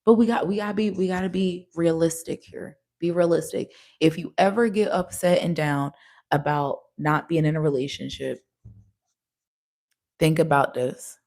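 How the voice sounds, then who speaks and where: A woman's voice: sits low, normal speed, a little mellow. A young woman giving a casual tarot reading, talking frankly with slang, swearing and frequent laughs. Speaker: tarot reader.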